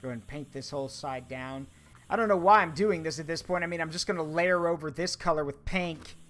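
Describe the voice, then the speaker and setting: A man's voice: fairly high pitch, fairly quick, fairly bright tone. A man streaming a game, chatting casually with his viewers as he works. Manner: chatty, talks to chat while working, hums tunes. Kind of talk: casual gameplay commentary.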